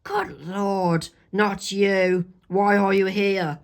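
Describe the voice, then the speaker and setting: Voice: mid-range voice, level tone, extremely slow, pitched above the performer's own voice. A reader voicing a teenage girl from a comic strip, read plainly in an amateur comic read-aloud. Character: teenage girl locked up and protesting innocence.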